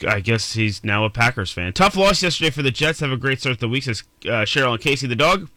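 Bright, lively male radio host. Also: mid-range voice, no room sound. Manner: reads listener messages aloud quickly and playfully. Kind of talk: morning radio shout-outs.

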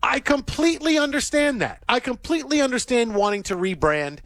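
Animated high-voiced male radio host. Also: brisk, dry recording. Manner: animated, stammering restarts, laughs easily. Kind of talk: casual radio banter. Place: radio studio.

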